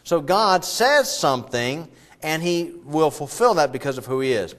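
A man's voice: a little high, lively intonation, moderate pace. A middle-aged man preaching a sermon as pastor, conversational and digressive, with frequent fillers. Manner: conversational, digressive, breaks into loud acted quotes.

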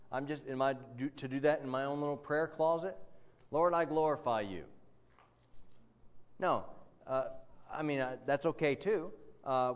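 A man preaching in an earnest, emphatic way, his voice sitting a little high for a man. He works through his points with plenty of fillers and quick asides. The sound is dull and lo-fi. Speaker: pastor. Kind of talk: sermon.

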